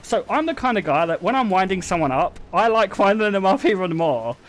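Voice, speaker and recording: A young man telling stories to his stream chat in a casual, animated way, swearing and laughing often. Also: high voice, a little fast.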